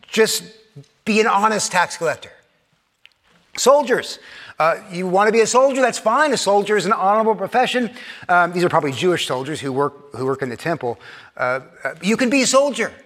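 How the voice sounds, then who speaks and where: A man's voice: sits high, expressive, brisk, a bit bright, long reverb tail. Chuckling, conversational male pastor. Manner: conversational and self-deprecating, frequent restarts and chuckles. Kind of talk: sermon.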